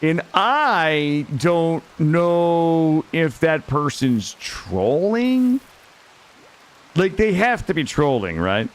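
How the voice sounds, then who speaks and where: A man streaming a game live, talking casually to his chat in an excitable, slangy way and swearing freely. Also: on the high side, drawn-out words.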